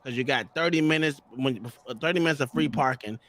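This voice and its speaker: A man's voice: medium pitch, fast, a bit bright. A man on a podcast, casually telling a story in a profane way and acting out heated quotes. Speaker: podcast co-host.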